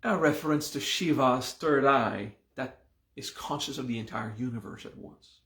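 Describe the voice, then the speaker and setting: A man teaching a live meditation class, explaining a mantra and its hand gesture at an unhurried pace and often checking in with "okay?". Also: mid-range voice, fairly bright tone, roomy sound.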